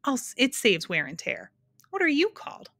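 A prim, excitable male creature of twelve faces lectures in exact, numbers-heavy sentences, as a woman reads him aloud. The voice sits higher than usual, bright and crisp. The storybook reading is recorded close and dry. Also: moderate pace, no room sound, heavily acted. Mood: lecturing. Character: fussy male twelve-faced math creature.

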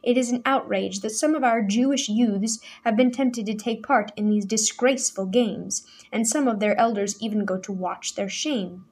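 Woman doing a stern older father, commanding, measured, severe, storybook reading. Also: on the high side, a little mellow, slightly rough. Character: stern older Jewish father, grave and authoritative.

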